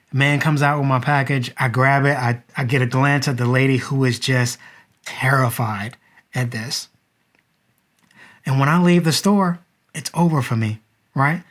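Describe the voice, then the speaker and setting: A man, in his thirties, earnestly telling a personal story to the viewer and reflecting on it as a father. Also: medium pitch. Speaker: vlogger and father.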